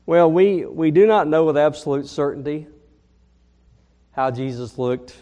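Preacher guy, slightly high voice, slow and earnest, big echoey church. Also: warm tone, muffled recording. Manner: earnest preaching, slowing on key phrases. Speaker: pastor. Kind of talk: sermon.

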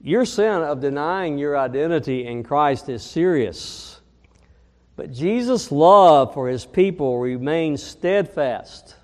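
Slow, earnest preaching man in a hall. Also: on the high side, expressive. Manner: earnest preaching, slowing on key phrases. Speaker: pastor. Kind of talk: sermon.

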